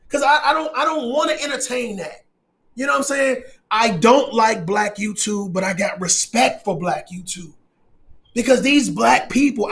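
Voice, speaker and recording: Male commentary host, emphatic and preachy delivery, profane, higher-pitched voice. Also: a bit bright. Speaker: channel host. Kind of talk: casual commentary.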